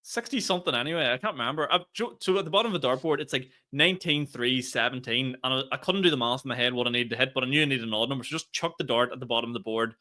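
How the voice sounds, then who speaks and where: A young Northern Irish man telling a long, animated story on a casual podcast, cursing freely and laughing as he goes. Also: medium pitch, racing, hardly any pauses. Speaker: podcast co-host.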